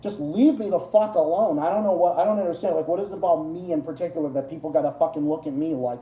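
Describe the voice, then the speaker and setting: A man hosting a live game stream, ranting in a loose, profane ramble full of restarts and repeats. His voice is dark and mellow, but it leaps sharply upward when he gets heated. The sound is roomy and echoey. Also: fast, few pauses, dull audio. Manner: excitable, jumps high in pitch when worked up. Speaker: livestream host. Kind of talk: casual ranting chat.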